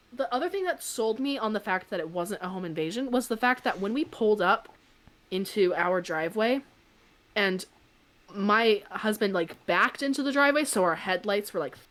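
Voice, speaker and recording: A young adult woman co-hosting a podcast, telling a story in a chatty, animated way full of "like". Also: on the high side. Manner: chatty, peppered with "like", animated retelling. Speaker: podcast co-host. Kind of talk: casual anecdote on a podcast.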